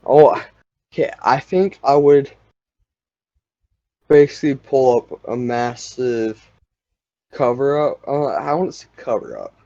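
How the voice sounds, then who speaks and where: A man's voice: mid-range voice, lively intonation, takes it slowly, vocal fry, pauses often, warm tone, no room sound. A young man in casual chat, rambling and saying "like" constantly. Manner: rambling, heavy use of "like". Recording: dull lo-fi sound.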